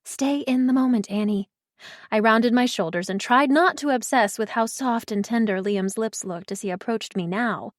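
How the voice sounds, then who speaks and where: A woman reading a cozy mystery audiobook in the first person, with measured, expressive storytelling. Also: fairly high pitch, no room sound, clean studio sound. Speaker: audiobook narrator.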